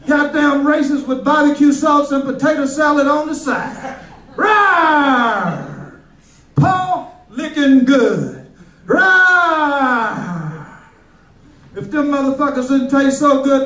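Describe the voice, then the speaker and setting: Guy doing a high roaring lion, gleeful and rowdy, roomy far-off club sound. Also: animated, slow pace, bright, forceful tone, full character voice. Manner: growling roars, gleeful, rowdy. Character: roaring male lion that eats racists.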